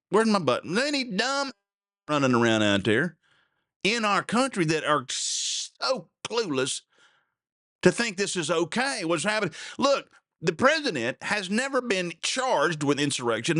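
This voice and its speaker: Animated sarcastic male talk host. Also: high voice, no room sound, clean studio sound. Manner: animated, sarcastic, laughing often. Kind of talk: casual political commentary.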